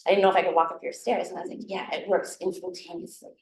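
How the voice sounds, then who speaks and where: Speaking at a racing clip, the Minnesota herbalist has a fairly low, level, darkish voice, recorded from a distance with slight background noise and room echo. Her casual talk to the guild meeting is chatty and full of laughter, with many restarts as she teaches.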